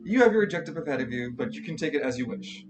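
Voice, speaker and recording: A man's voice: mid-range voice, animated, fast. A man narrating a tabletop role-playing game as game master, rambling and correcting himself as he goes. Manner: rambling, self-correcting, laughing asides. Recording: guitar music playing behind.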